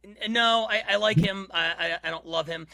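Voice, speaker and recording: Upbeat podcast host guy, high-ish voice, dry close sound, lots of um and uh. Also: moderate pace, sharp tone, no room sound. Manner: upbeat, hesitant with fillers when thinking. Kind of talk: casual chat.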